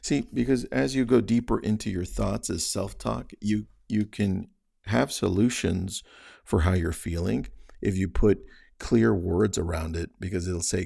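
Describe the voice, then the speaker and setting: A man's voice: fairly low pitch, a little slow, vocal fry, a little mellow, no echo, clean studio sound. A man hosting a real estate podcast, giving casual mindset coaching in a conversational way, often checking in with "right?" and acting out his own inner thoughts. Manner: chuckles mid-sentence.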